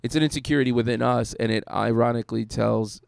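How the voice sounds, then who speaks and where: A man, a pastor, talking through faith in a casual discussion, animated and storytelling, with bursts of acted-out voices. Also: medium pitch, fast, vocal fry.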